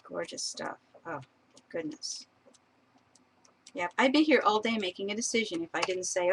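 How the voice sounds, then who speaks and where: A chatty woman talks her viewers through her craft papers in a loose, rambling way and laughs often. Her voice sits at an ordinary pitch. Faint hiss runs under the recording. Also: lively intonation, measured pace, pauses often, a bit bright, poor audio. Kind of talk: casual live-stream craft demo.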